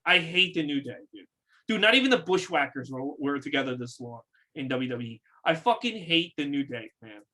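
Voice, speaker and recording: A man's voice: on the high side, animated, a little fast, sharp tone. A man co-hosting a casual wrestling recap show, ranting in an exasperated, profane way and repeating his points. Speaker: podcast co-host.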